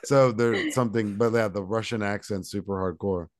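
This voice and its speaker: Young guy, kinda low voice, joking and cursing, dry room. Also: steady tone, normal speed, no echo. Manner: joking, swears freely, does mock Russian voices. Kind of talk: casual chat.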